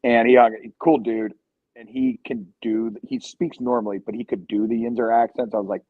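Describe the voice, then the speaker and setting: A man's voice: mid-range voice, fairly even intonation, moderate pace, slightly rough, no room sound, narrow, tinny audio. Man in his 30s, profane joking podcast talk. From Ohio. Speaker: podcast guest. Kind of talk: casual podcast chat.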